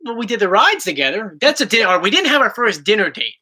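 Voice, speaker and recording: A man's voice: high-pitched, very animated, fast talker, sharp tone. A man hosting a casual livestream chat, playful and teasing his partner. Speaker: host.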